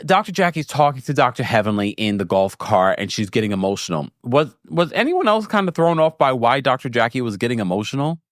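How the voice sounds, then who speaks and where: A man chatting through a recap with a lively, swooping voice and a middling pitch. He laughs and restarts his sentences. The sound is dry and close. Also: no room sound. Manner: chatty, animated, with laughs and self-corrections. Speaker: show host recapping a reality series. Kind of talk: casual live recap chat.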